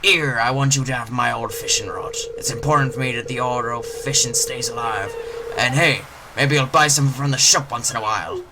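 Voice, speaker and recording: A man voicing a hearty old male fisherman in a gruff pirate voice over loud ocean game noise. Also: medium pitch, normal speed, hardly any pauses, natural voice. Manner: gruff, swaggering sea-dog talk.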